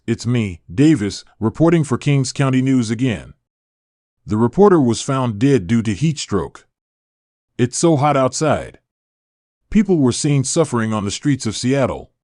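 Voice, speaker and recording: Guy playing a rattled news reporter, mid pitch, dry mic, kinda shaky. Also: a little mellow, dry recording, close to an everyday voice. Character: male news reporter horrified by a heat disaster. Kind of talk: fictional emergency broadcast drama.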